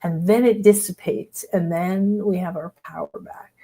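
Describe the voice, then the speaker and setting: Animated woman leading a spiritual workshop. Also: on the low side, moderate pace, husky. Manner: enthusiastic, expressive, acts out voices in quotes. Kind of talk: spiritual teaching, casual and animated.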